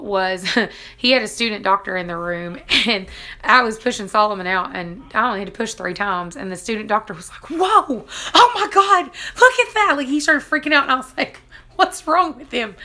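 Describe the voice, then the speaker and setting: A woman's voice: medium pitch, sharp tone. A woman in her thirties, chatting casually on a live stream, laughing often and acting out what people said. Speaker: vlogger reading live chat.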